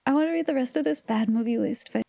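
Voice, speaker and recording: High, chatty woman streamer with a mellow voice. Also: fast, creaky, no room sound. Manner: chatty, giggly, animated and playful. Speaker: livestream host. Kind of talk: casual livestream chat.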